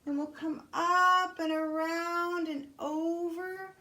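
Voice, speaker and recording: A woman leading a yoga class for young children at home, talking gently and encouragingly as she guides each step. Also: very high-pitched, fairly even intonation, takes it slowly.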